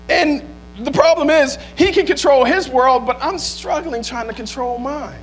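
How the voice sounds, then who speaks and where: Male pastor, high and animated, preaching with hammering rhetorical questions and shouts. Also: moderate pace, a little hiss or hum. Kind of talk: sermon.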